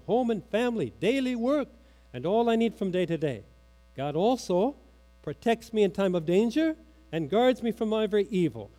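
A man's voice: high-pitched, mellow. A man preaching a sermon, asking questions and quoting from the catechism, his voice dropping for emphasis. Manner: teaching with questions, quoting catechism aloud, dramatic drops. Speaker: pastor.

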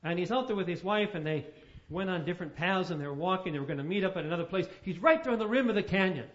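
A male pastor preaches a sermon, telling stories and posing rhetorical questions to his listeners. His voice sits high for a man. The recording sounds dull and lo-fi. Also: lively intonation, fast.

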